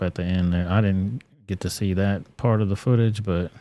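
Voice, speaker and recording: A low, mellow-voiced man hosts a live stream in a loose, profane, offhand way. His delivery stays flat, and the sound is dry and close. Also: normal speed, no room sound. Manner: casual and profane, loose with fillers. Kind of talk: casual live-stream commentary.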